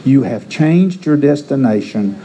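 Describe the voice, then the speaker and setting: A man's voice: mid-range voice, lively intonation, unhurried, mellow, muffled recording. A middle-aged man preaching a sermon, earnest and given to repeating words as he restarts his phrases. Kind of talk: sermon with personal stories.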